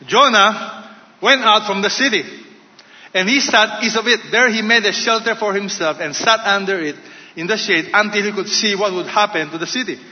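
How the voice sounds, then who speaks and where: Pastor preaching in a reverberant hall. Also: male voice, high voice, normal speed. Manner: preaching in short phrases, shifting between loud and soft. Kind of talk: sermon. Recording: dull sound with long hall reverb.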